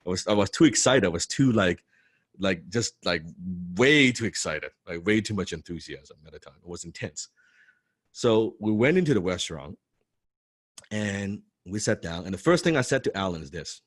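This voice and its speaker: A man with a fairly low voice tells a story in an animated, excitable way. He often stumbles over repeated words and swears for emphasis. The recording is dry and close, with no room sound. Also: moderate pace, dry recording. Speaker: business coach telling a personal story.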